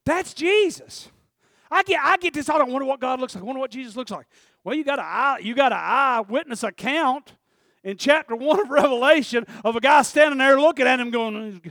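A man preaching a fervent sermon, moving between loud shouted peaks and quiet, confiding asides. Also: very high-pitched, expressive, brisk, no room sound, studio quality. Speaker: pastor.

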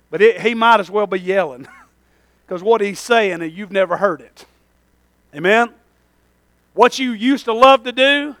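Male pastor, very high and forceful voice, fervent sermon, folksy, calls for amen, dry close sound. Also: dry recording.

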